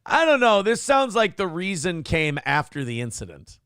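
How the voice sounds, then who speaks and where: A man's voice: sits high, very animated, normal speed, clear, resonant tone, dry recording, studio quality. A man co-hosting a morning show, in casual comedic commentary, crude and mocking. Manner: crude, mocking, jumps into loud impressions.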